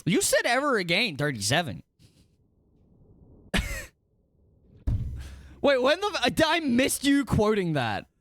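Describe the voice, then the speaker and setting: A young man streaming a game live, chatting to his viewers in a rambling, excitable, self-mocking way. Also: sits high, dry recording. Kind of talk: casual gaming livestream chat.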